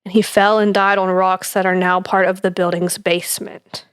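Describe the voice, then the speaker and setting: A woman's voice: medium pitch, little pitch movement, normal speed, clean tone, no echo, clean studio sound. Chatty woman reading ghost notes. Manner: reads from notes with fillers, laughs easily. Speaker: podcast co-host presenting research. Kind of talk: casual chat.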